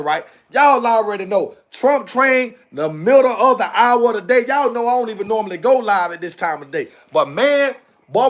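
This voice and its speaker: Livestream host, man, high-pitched and fired up, repetitive, talks to camera. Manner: fired-up, repetitive, addresses viewers directly. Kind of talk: casual livestream rant. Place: indoors at home on camera.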